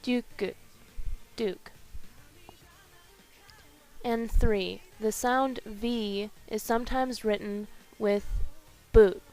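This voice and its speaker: A woman reading a scripted language lesson carefully, slowing down to spell out each example. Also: mid-range voice, fairly even intonation, a little mellow, faint music behind. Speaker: language teacher.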